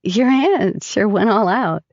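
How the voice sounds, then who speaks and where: A woman narrator voicing a chatty, sympathetic young woman friend, gravelly and close to her reading voice. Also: medium pitch, slow pace, a little mellow, no echo, dull audio. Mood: friendly.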